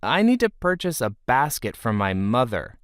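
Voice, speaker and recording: A man voicing an anxious, polite young boy who pleads earnestly in a higher voice. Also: big pitch swings, moderate pace, clear, resonant tone, dry recording, studio quality, lightly acted. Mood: anxious pleading.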